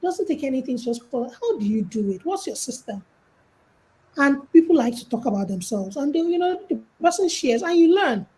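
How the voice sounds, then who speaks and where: The voice sits high and moves at a normal speed, though the audio is poor. A Nigerian woman, appearing as a guest speaker on a call, offers informal guidance on life and money, livening it up with stories and performed quotes.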